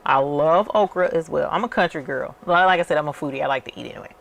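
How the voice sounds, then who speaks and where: A woman's voice: low-pitched, quick pace, vocal fry. A woman, chatting casually and telling rambling stories to her viewers while she works. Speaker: channel host. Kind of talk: casual chat while working.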